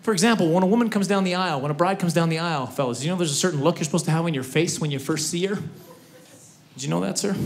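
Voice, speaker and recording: A middle-aged man performing a stand-up comedy routine on stage, playful and animated. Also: a little high. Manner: animated, playful, breaks into laughter. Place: comedy stage before a live audience.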